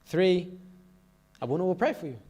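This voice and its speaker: A man's voice: high-pitched, expressive, normal speed, mellow, breathy edge. A man giving a sermon to a youth meeting in a church, telling stories and often checking in with "okay?" and "all right?".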